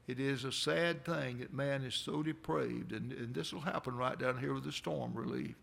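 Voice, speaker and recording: A man's voice: medium pitch, moderate pace, vocal fry, a bit bright. A man preaching a folksy sermon in a church, rambling into conversational asides with a chuckle now and then. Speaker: pastor. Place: church sanctuary.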